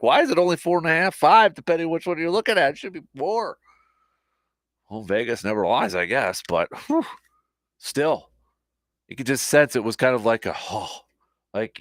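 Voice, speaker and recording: A man hosting a casual sports talk show, rambling and animated, with lots of fillers and restarts, a little short on sleep. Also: on the low side, dry recording, clean studio sound.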